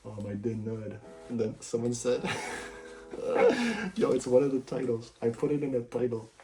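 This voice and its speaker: A man's voice: medium pitch, very animated, moderate pace. A young man freestyle rapping and rambling over guitar, loose and crude, laughing often. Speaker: musician streamer. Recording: loud guitar under the voice.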